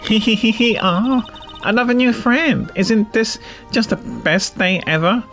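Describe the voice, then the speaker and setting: A man's voice: sits high, a little slow, a bit bright, faint music behind, pitched above the performer's own voice. A man voicing a bubbly, cutesy young woman animal tamer in a nasal, sing-song voice for game dialogue.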